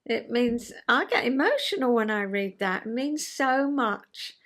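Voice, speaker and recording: Older woman, vlogger, self-mocking and chatty, unhurried delivery. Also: a little high, lively intonation, fairly bright tone. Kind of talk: reading a rhyming poem, then casual chat.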